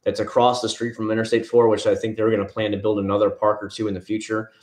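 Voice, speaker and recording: A man's voice: lowish voice, monotone, fast, a little mellow. Chatty man rambling on a livestream. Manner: rambling, chatty, answers viewers by name. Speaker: livestream host. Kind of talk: casual livestream chat reading comments. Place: home. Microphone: headset.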